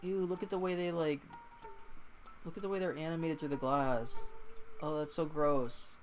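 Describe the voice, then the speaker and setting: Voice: mid-range voice, fairly even intonation, normal speed, faint music behind. Tired, swearing game streamer. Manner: ranting, profane, exasperated. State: exhausted, yawning. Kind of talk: casual game-stream chat.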